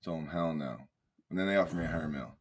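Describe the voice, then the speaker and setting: A young man co-hosting a casual podcast chat, joking in a dry, low-key way. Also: very fast. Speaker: podcast co-host.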